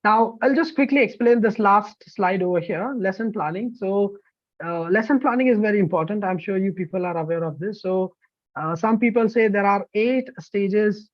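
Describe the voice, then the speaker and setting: A teacher trainer from India with an Indian English accent, giving an energetic online training lecture and often checking in with the listeners. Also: mid-range voice, moderate pace, dry recording. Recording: dull lo-fi, dry sound.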